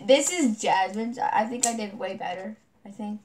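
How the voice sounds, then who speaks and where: A woman's voice: medium pitch, moderate pace, noisy background. A woman chatting casually and giggling often while playing a drawing game on camera.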